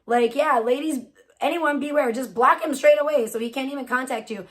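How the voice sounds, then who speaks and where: A woman's voice: high voice, fairly quick. A woman livestreaming, ranting casually with lots of swearing and laughter, mocking someone.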